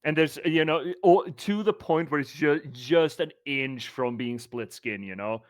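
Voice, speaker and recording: A man chatting as a player in a tabletop game, rambling and halting with many restarts. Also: a little high, no echo.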